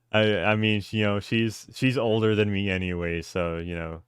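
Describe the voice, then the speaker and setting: A young man hosting a podcast in casual chat, halting and stammering with many restarts. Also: fairly low pitch, little pitch movement, clean tone, no echo, clean studio sound. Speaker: podcast host.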